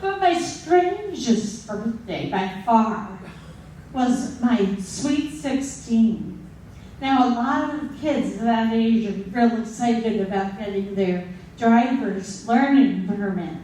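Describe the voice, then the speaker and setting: Slow comic woman storyteller in her 60s. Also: a little high, expressive, dark tone, a little hiss or hum. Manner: slow, comic, with dramatic pauses. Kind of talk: live personal storytelling. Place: stage at a live story slam. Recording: very echoey hall, distant mic.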